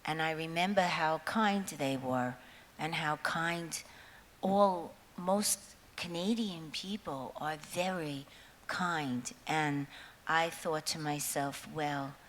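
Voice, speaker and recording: A woman in her seventies talks to a concert crowd in a low, unhurried voice. She wanders through stories with frequent laughs and casual swearing. Her voice carries a long hall echo over faint hiss. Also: fairly bright tone. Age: 70s. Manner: chatty, laughs often, swears freely. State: nervous before going on. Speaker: singer addressing a concert audience. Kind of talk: rambling onstage storytelling. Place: large concert hall with an audience.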